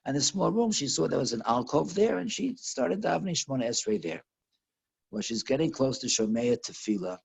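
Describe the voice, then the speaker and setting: Husky, halting male storyteller. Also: medium pitch, a little mellow, low-quality recording. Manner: halting, repeats words, many fillers. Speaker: teacher. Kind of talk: storytelling lesson over video call. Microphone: video call.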